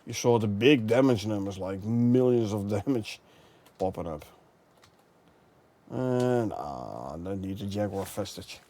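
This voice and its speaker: Slow, mellow Dutch-accented man. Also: fairly low pitch, a little hiss or hum. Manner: relaxed, chatty, chuckles often, drifts between languages. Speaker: game streamer. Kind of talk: casual gameplay commentary, reading chat.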